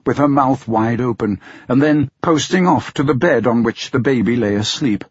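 A man's voice: mid-range voice, husky, no echo. Man narrating a classic story. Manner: measured storytelling. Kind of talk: audiobook reading. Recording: dull lo-fi sound.

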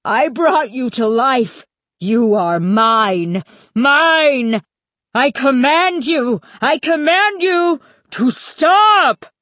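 A woman voicing a panicked grown man who shrieks desperate commands in a high, frightened voice. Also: lively intonation, very slow, a bit bright, no room sound, full character voice. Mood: frantic.

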